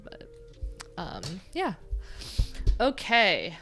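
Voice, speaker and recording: Woman, nasal, casual streamer chat, self-deprecating, mid-pitched. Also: huge pitch swings, extremely slow, fairly bright tone, soft background music. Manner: chatty, rambling, self-deprecating. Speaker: livestream host.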